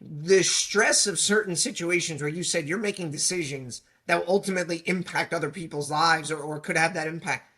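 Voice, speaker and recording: A man's voice: sits high, sharp tone. A man guest on an interview show, a police union leader, speaking earnestly and reflectively in casual conversation.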